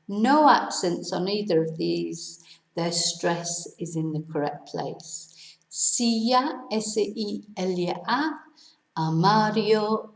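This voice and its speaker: A woman's voice: medium pitch, gravelly, echoey room, poor audio. A woman teaching a Spanish pronunciation lesson, spelling words out letter by letter and correcting herself as she goes. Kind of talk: language lesson.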